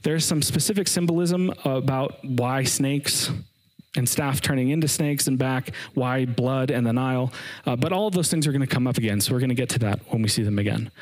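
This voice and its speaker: A man's voice: medium pitch, poor audio. A man giving a casual, earnest sermon, retelling scripture with slang asides. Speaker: preacher.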